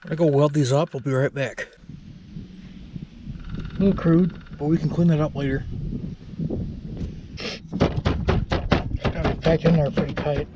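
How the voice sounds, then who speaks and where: A man narrating his own truck repairs in a relaxed, rambling way with many fillers. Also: on the high side, unhurried, pauses often, noisy background. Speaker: DIY truck repair vlogger. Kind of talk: casual workshop narration.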